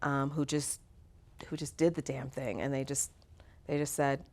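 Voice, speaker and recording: Lively middle-aged woman telling stories. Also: a bass voice, normal speed, gravelly. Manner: animated, acts out voices in her anecdotes, laughs often. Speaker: actor and singer. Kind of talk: conversational interview storytelling.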